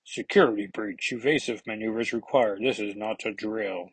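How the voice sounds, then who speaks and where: Brief: man putting on a clipped teen girl fighter from a comic, husky dry sound. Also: normal speed, dry recording, distant mic, rough recording. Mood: alarmed. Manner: pitched up, terse.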